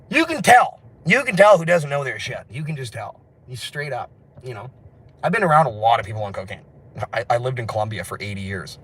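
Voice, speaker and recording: A man rambling through a livestream while walking city streets outdoors, excitable and laughing, his voice hoarse from screaming. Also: medium pitch. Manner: excitable, laughing, shouting bursts.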